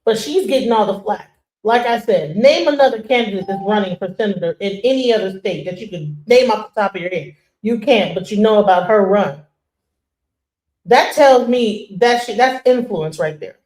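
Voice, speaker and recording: A woman's voice: medium pitch, moderate pace, roomy sound, poor audio. A woman hosting a casual stream, talking animatedly and emphatically. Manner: animated, emphatic, mocking impressions. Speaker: host.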